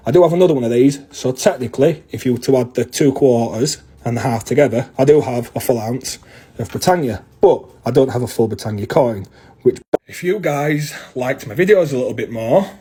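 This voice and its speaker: Husky-voiced man chatting casually. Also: medium pitch, a little mellow. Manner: chatty, self-mocking, swears casually. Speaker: coin collecting vlogger. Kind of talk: casual show-and-tell vlog.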